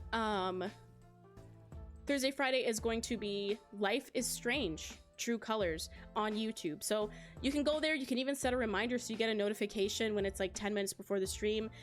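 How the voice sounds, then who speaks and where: A young woman with a fairly high voice chats to her stream audience in an animated storytelling way. She laughs often through her telling. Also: normal speed, faint music behind. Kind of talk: casual stream chat.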